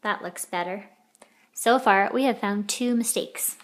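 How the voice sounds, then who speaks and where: A woman's voice: medium pitch, measured pace. A woman teaching a children's editing lesson, patiently sounding out letters and words.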